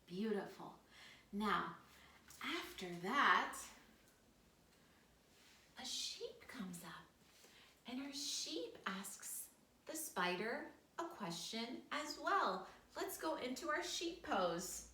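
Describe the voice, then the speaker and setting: A woman's voice: high voice, sing-song, takes it slowly, creaky, bright, forceful tone, slight background noise. A woman leading children through a storytime yoga class, cheerful and encouraging as she coaches each pose. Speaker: kids yoga teacher. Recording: roomy sound from a distant mic.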